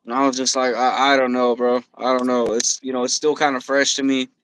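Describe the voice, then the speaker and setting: A man telling a story on a podcast, swearing freely and quoting himself and others in an animated way. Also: mid-range voice, fairly quick, slight background noise, low-quality recording. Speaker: podcast guest. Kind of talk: casual storytelling. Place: podcast studio.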